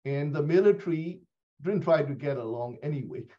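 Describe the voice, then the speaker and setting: Brief: a halting man with a higher voice, fillers throughout, dull lo-fi sound. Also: expressive, warm tone. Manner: halting, repeats "you know, say". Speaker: meeting participant. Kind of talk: online meeting discussion. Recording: dull lo-fi audio.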